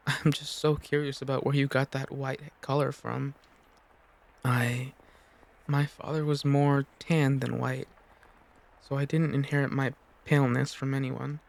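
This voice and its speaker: A man's voice: medium pitch, little pitch movement, a little slow, gravelly. A man voicing a meek pale-haired servant girl who answers politely and hesitantly.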